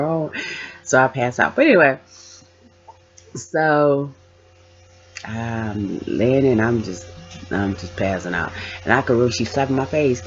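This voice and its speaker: A woman's voice: very deep voice, expressive, moderate pace, pauses often. A woman vlogger telling her own story casually, acting out the voices of the people in it. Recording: dull lo-fi sound.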